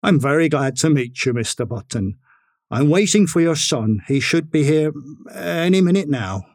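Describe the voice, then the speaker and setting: A man reading aloud and voicing a stern middle-aged college registrar, stiffly formal and prone to shouting. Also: on the high side, lively intonation, moderate pace. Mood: polite. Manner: stiffly polite, then shouting.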